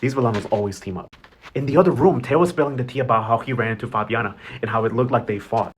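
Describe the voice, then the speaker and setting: A man hosting a casual, slangy recap, animated and gossipy and swearing freely. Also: mid-range voice, fast, breathy edge. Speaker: novela recap host.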